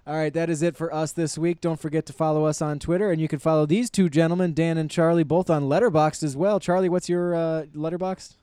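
A man with a fairly high yet mellow voice hosts a film podcast. His manner is easygoing and laid-back. His voice is recorded close and dry, with no room sound. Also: fairly even intonation, quick pace, few pauses, smooth, no room sound. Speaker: podcast host. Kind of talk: casual film discussion and sign-off.

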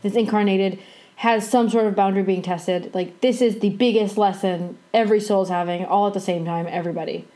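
A woman's voice: steady tone, warm tone. A woman co-hosting a podcast in casual chat, bubbly and laughing often. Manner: laughs often, bubbly, quick pitch jumps. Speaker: podcast co-host.

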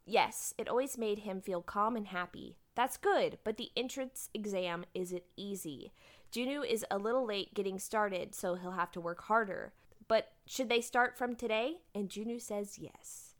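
A woman's voice: mid-range voice, measured pace. A woman co-hosting a casual podcast, animatedly summarizing drama episodes and laughing often. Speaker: podcast co-host recapping a drama. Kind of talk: casual chat recapping episodes.

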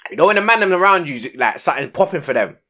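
Animated man, slang-heavy. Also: a little high, fast. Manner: slang-heavy, laid-back, lots of fillers like "innit". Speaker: podcast co-host. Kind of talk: casual chat.

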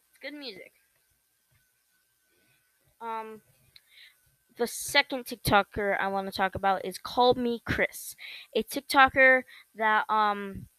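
A young woman talks on her solo podcast in a loose, rambling way, stopping and restarting often and filling pauses with ums. Her voice is recorded dry and close, with no room sound around it. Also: a little high, a bit bright, clean tone, no echo, rough recording. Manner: rambling, halting with many fillers and restarts. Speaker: podcast host. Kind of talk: casual solo podcast chat.

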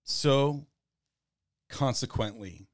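A man co-hosting a podcast in casual chat, rambling and relaxed with plenty of fillers. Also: medium pitch, very slow. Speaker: podcast co-host.

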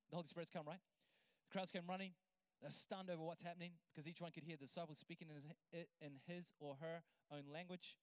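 High-voiced man preaching with rising fervor. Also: clear, resonant tone, no echo. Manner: energetic preaching that builds to near-shouting; acts out prayers and quotes in voice. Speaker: pastor. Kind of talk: sermon.

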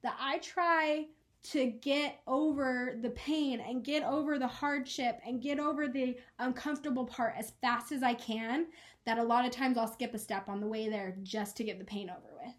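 This podcast co-host, a woman in her twenties, speaks with a slightly high, steady tone. She shares a personal story in a relaxed chat, sounding earnest and emotional and laughing quickly now and then.

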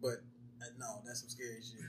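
A man's voice: mid-range voice, completely flat delivery, a little fast, recorded from a distance, poor audio. A man in casual chat with a laid-back way of talking and chuckling reactions.

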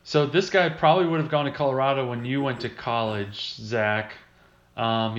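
A man's voice: medium pitch, steady tone, normal speed. A male podcast host chatting loosely about basketball, reading numbers from a list and chuckling as he goes. His voice sits in a roomy space, and the recording has a muffled, lo-fi tone. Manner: reads out stats, chuckles often. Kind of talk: casual sports chat. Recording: roomy, dull lo-fi sound.

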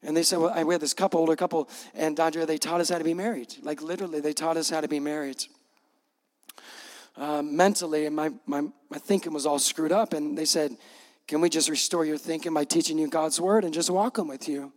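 A man's voice: a little high, fairly even intonation, brisk. A middle-aged male pastor giving a conversational, emphatic sermon with repeated punch lines. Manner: gets choked up, laughing through emotion.

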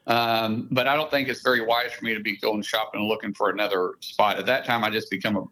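A man's voice: on the low side, fairly even intonation, fast talker, sharp tone, low-quality recording. A man with an Oklahoma accent, a senator giving a casual radio interview and laying out emphatic, detailed explanations. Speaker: senator, guest.

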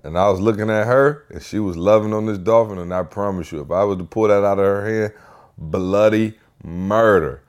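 A man hosting a casual podcast, telling a family story with lively energy and acting out what people said. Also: fairly low pitch, moderate pace, smooth. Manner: animated storyteller, acts out quotes. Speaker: podcast host.

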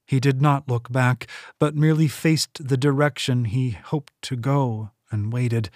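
Male audiobook narrator, deliberate and unhurried, mid-range voice. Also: medium pitch, dry recording, studio quality. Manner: steady, deliberate reading. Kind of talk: scripted narration.

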